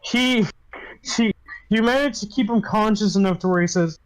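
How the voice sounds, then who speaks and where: A man narrates a tabletop game as its game master. His voice sits a little high, and he stumbles along with fillers and restarts. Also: poor audio. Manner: halting, filler-heavy narration.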